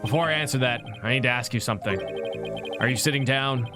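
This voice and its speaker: A man doing an earnest young defense lawyer in a mystery game, mock-serious and steady. His voice sits at a middle pitch over game music. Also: quick pace, close to an everyday voice.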